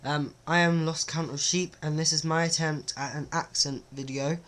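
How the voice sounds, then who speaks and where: A man's voice: fairly high pitch, steady tone, normal speed, a bit bright. A man talks casually to camera in a vlog, hesitant and self-conscious, with many ums. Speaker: vlogger. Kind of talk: casual accent-test vlog.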